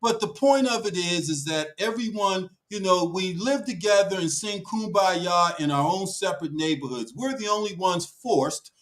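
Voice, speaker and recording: A man's voice: high voice, moderate pace, few pauses, a bit bright, poor audio. A man speaking emphatically on a talk show panel, with a preaching cadence that rises and falls.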